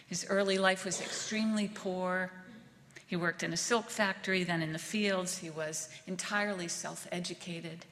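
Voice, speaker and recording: Woman minister, slow thoughtful sermon, soft trailing words, big echoey hall. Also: lowish voice. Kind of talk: reflective sermon. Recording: long reverb of a large hall.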